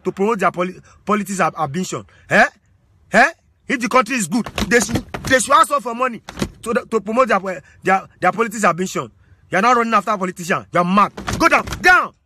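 High-voiced man scolding loudly. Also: fast talker, slight background noise. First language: Yoruba. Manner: scolding, shouting insults and commands. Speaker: comedian playing a judge. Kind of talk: comic skit, mock courtroom scolding.

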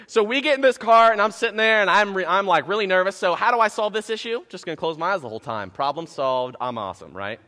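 A man preaching a sermon as pastor, telling a self-mocking story in an animated way before turning to scripture. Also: sits high, quick pace, few pauses, big-room sound. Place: church sanctuary.

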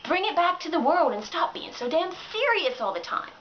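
High-voiced woman ranting sarcastically. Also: very animated, moderate pace, highs cut off, slight background noise. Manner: sarcastic, ranting, with filler words. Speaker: vlogger. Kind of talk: casual to-camera rant.

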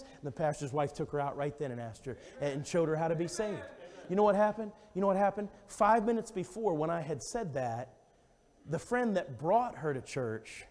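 A high-pitched male evangelist preaches a revival sermon with fervent urgency. He lurches between ringing exclamations and quiet, confiding storytelling. His voice carries a long reverb off the church sanctuary walls. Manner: fervent, swings from loud exclamations to hushed storytelling.

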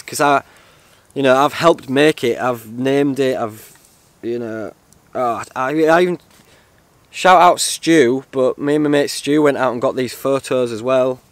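A man chatting to camera in a casual vlog, excitable and rambling. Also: medium pitch, dry recording. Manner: excitable, rambling, swears and laughs often. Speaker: outdoor vlogger.

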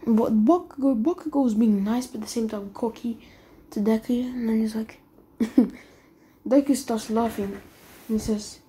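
A woman with a raised, soft and mellow voice tells a homemade fan story in a casual, rambling way. She chains quoted lines together and often sinks into a breathy whisper, over a faint hiss of background noise. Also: a little high, moderate pace.

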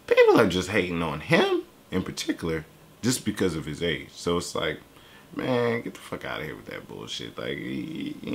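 Young male reaction host, low voice with a sharp edge, casual and cussing. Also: gravelly. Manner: loose, profane, animated talk with laughs.

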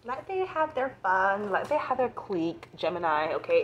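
A woman's voice: mid-range voice, expressive, a little fast, few pauses, a little hiss or hum. A woman with a Jamaican accent giving an astrology reading as a blunt, profane rant. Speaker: astrology reader.

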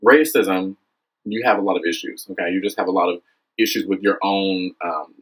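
A young man with a husky, slightly breathy voice speaks straight to the camera in an impassioned vlog. He is earnest and preachy, keeps checking in with the viewer, and his pitch leaps up when he gets worked up. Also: normal speed, rough recording. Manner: earnest, preachy, frequent "okay?" and "you know what I mean?"; animated, swings high when excited. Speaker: vlogger. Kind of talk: impassioned direct-to-camera monologue.

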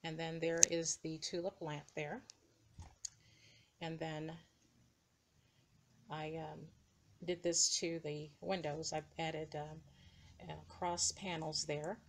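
In a deep, flat, slow voice with frequent pauses, a woman casually shows her dollhouse rooms, hesitating through many ums and uhs. The recording, made indoors beside the dollhouse on a hand-moved camera mic, carries a little hiss or hum.

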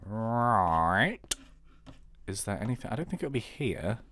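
A man's voice: lowish voice, very animated, unhurried, a bit bright, a little hiss or hum. A young British man giving casual, joking gameplay commentary as a let's-player. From Britain. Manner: chatty, joking, upbeat.

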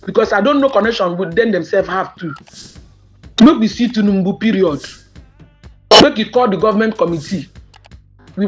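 A Nigerian-accented woman delivers an impassioned monologue to her subscribers, firing off outraged questions and blending Pidgin with English emphatically. Her voice is mid-range.

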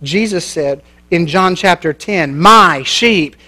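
A man with a rather high voice preaches to a church crowd. He tells his story in a loose, folksy way, cracks jokes and laughs at his own lines. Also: slow, sharp tone. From American Midwest. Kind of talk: sermon with storytelling.

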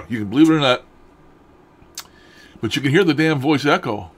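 A man's voice: a little high, bright, forceful tone, slightly rough. Folksy, chuckling man telling ghost stories. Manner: folksy, chuckling, loose grammar, trails off and restarts. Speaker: paranormal vlogger. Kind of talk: casual rambling storytelling to camera.

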